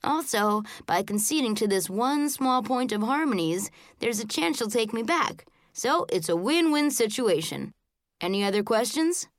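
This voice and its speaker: A woman's voice: a little high, animated, normal speed, dry recording, clean studio sound. A woman voicing an easygoing, wry uncle who talks in a breezy, matter-of-fact way.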